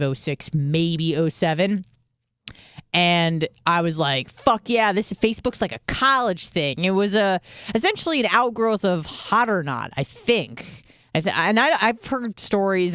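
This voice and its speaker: A woman's voice: deep voice, clear, resonant tone, no echo, clean studio sound. A woman in her thirties from the United States hosting a radio show, telling rambling stories with lots of swearing and quoted asides. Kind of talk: casual radio monologue.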